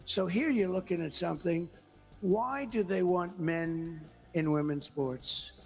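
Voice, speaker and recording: A man's voice: high voice, unhurried, soft background music. A man as an interview guest, speaking about politics in an emphatic, repetitive, rambling way. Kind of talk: interview conversation.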